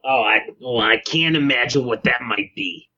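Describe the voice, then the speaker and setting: A man voicing a cocky, sarcastic low-level male crook who talks in mouthy street slang, on a dull lo-fi recording. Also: normal speed, bright, forceful tone, slightly rough.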